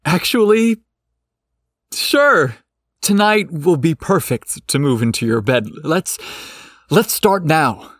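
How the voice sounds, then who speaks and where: A man voicing a shy, flustered young man who exclaims in a high, breathless rush. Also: sing-song, unhurried, slightly rough, no room sound, clean studio sound, exaggerated voice. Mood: eager.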